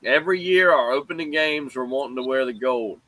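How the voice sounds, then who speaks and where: A man hosting a casual sports talk show, animated and preachy, calling on his co-hosts. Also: mid-range voice, brisk, no echo, poor audio. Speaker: host.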